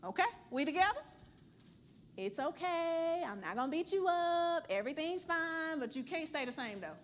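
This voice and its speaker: A woman's voice: very high-pitched, lively intonation, normal speed, a little hiss or hum. A woman teaching a church money class, blunt and playful, quizzing and coaching the room. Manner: blunt, playful, preachy, calls and asks the room.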